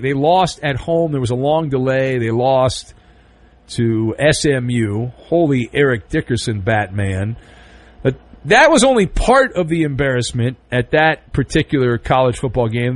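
A man's voice: mid-range voice, animated, moderate pace, no room sound. A man hosting an overnight sports radio show, delivering a sarcastic, theatrical monologue full of jokes into a studio microphone. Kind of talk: animated sports talk monologue.

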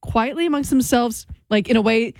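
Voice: medium pitch, no room sound, clean studio sound. A co-host in casual chat who jumps in with reactions and questions. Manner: interjecting with quick reactions and questions.

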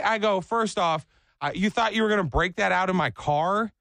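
A man casually telling a funny story, animated and acting out voices in the quotes. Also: sits high, normal speed, gravelly, no echo.

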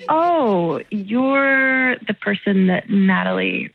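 A woman's voice: mid-range voice, animated, slow pace, gravelly. A woman on a phone call, polite but confused and exasperated. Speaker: prank call target.

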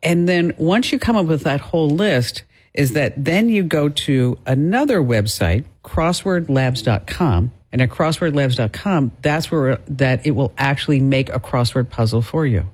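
A woman hosting a talk radio show, chatting casually, telling lively stories and laughing easily. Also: low-pitched, normal speed, hardly any pauses, husky.

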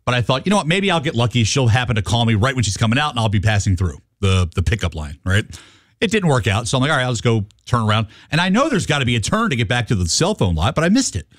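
A man co-hosting a morning radio show, telling a self-mocking story in a quick, casual way. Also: medium pitch, very animated, dry recording, studio quality.

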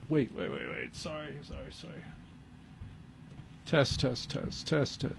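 Husky, self-mocking late-night radio host. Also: male voice, mid-range voice, darkish tone, no echo. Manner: self-mocking, exaggerated storytelling. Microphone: studio microphone.

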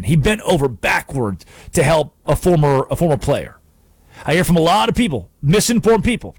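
Animated, emphatic sports radio host, man. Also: on the high side, normal speed, slightly rough, no echo. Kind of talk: sports talk radio monologue.

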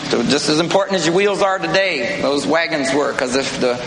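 A man's voice: fairly high pitch, fairly quick, creaky, slight background noise. A man doing a stand-up routine in a folksy, drawling manner. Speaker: stand-up comedian. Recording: echoey hall with loud crowd.

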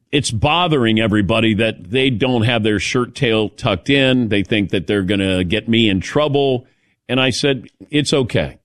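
A man's voice: medium pitch, dry recording, clean studio sound. Middle-aged man telling a story on air. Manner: storytelling, animated, calls on cohosts. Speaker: radio show host. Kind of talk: casual studio chat.

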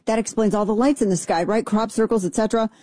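A show host giving casual commentary in an animated, sarcastic way, full of playful asides. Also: mid-range voice, fast talker, dry recording.

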